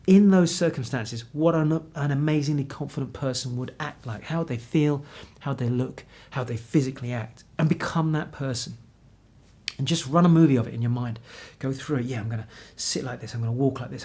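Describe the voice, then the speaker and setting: A man in his fifties, a confidence coach, giving an energetic, encouraging talk straight to the viewer from an indoor room. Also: mid-range voice, slightly rough. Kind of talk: motivational talk to camera. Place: indoor room with pictures on the wall.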